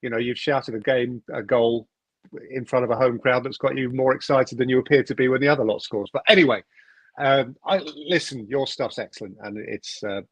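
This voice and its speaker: A man speaking as a guest in a measured, thoughtful way. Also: mid-range voice, no room sound.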